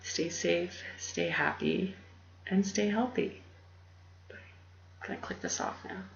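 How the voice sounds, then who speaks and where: A woman hosting her own channel, rambling in a soft, half-whispered, meandering way and laughing often, recorded on a laptop. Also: lowish voice, sing-song, slow, creaky. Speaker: YouTube channel host. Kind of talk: rambling casual monologue. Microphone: laptop mic. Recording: roomy, dull lo-fi with faint hum.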